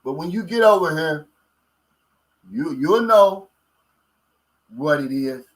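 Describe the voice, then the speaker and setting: A man's voice: a little high, expressive, takes it slowly, rough recording. A man in his late fifties with a Kentucky accent, chatting casually with viewers as a vlogger, folksy and blunt. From Kentucky, USA. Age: 50s. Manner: folksy and blunt, drawls out filler words. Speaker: vlogger reading viewer comments. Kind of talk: casual livestream chat.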